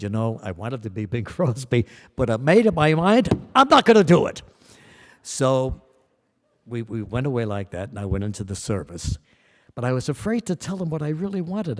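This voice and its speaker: An older man telling a personal story to a live audience, acting out the voices of the people in it with sudden leaps in pitch and loudness. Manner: animated, acts out quoted voices with big jumps in pitch and loudness. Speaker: guest storyteller. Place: large auditorium. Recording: long reverb of a large hall.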